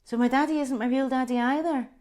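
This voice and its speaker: A tearful seven-year-old girl, put on by a woman reading her memoir, asks in a raised, childlike pitch. Her questions come out pleading and bewildered. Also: steady tone, fast, a little mellow, close to an everyday voice.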